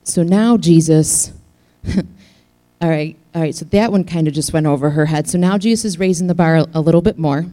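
A woman's voice: sits low, fairly quick, dark tone. A woman preacher giving a casual, joking sermon, acting out the scenes she tells. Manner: chatty, joking, acts out scenes.

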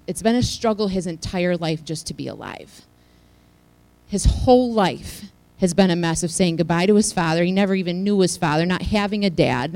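A woman telling a heartfelt personal testimony to a church congregation, her delivery swinging from hushed to loud. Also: fairly low pitch, no room sound, poor audio. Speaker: church speaker sharing a testimony.

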